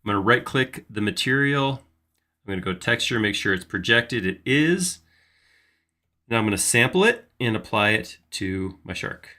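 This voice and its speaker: Low bright-voiced man narrating his work. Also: expressive, moderate pace. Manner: casual, thinking aloud while working. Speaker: host modeling in 3D software. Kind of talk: live software tutorial.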